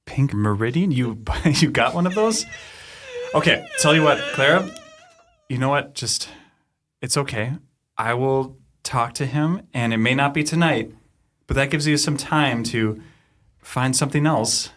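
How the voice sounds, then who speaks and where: A man's voice: medium pitch, a little slow, fairly bright tone. A man playing a tabletop game, speaking in character in an affable, rambling way with lots of fillers. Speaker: player.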